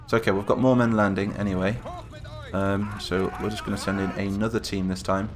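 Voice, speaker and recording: A man hosting casual, chatty game commentary, getting excited and calling out to the troops as he plays. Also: fairly low pitch, a little fast. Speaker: gaming channel host. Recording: game gunfire and explosions behind voice.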